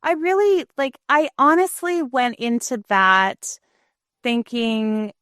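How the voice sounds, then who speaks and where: A woman's voice: a little high, takes it slowly, fairly bright tone, no room sound, clean studio sound. A middle-aged woman, a former news anchor, talking frankly and reflectively as an interview guest, often restarting her sentences. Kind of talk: candid interview conversation.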